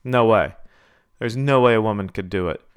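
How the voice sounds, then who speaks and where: A man's voice: lowish voice, normal speed, smooth, lightly acted. A man voicing hostile male Marine lieutenants who sneer and threaten. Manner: sneering, menacing.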